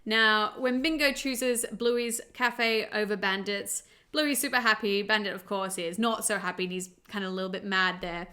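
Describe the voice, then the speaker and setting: This Australian woman, a parent who reviews shows, gives a chatty, upbeat rundown of a cartoon episode and laughs easily. Her mid-range voice is steady, pushed and bright, at a moderate pace with few pauses.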